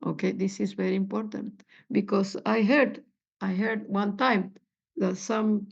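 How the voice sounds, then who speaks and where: A woman giving a meditation lesson, halting and searching for words with many fillers. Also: medium pitch, fairly even intonation, creaky, husky. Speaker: spiritual teacher. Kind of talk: meditation teaching talk. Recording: dull lo-fi recording.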